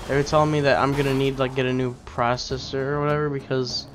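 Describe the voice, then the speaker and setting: A man's voice: mid-range voice, flat delivery, fast, a little hiss or hum. A man on a game stream chatting in an easygoing way, reacting to the chat and his co-host.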